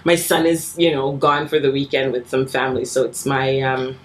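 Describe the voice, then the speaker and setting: A woman in her thirties talks as a podcast guest with a notably low voice. She tells her stories earnestly and with animation, and she laughs easily along the way. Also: level tone, normal speed. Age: 30s. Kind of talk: casual chat.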